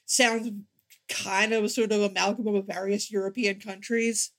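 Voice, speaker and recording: A woman's voice: mid-range voice, little pitch movement, moderate pace, a bit bright. A woman co-hosting a podcast in casual chat, often repeating words while gathering her thoughts. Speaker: podcast co-host.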